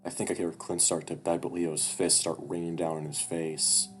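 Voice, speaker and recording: A man's voice: deep voice, level tone, moderate pace, music in the background. A man reading a visual novel aloud in a casual way, swearing and breaking off for his own asides.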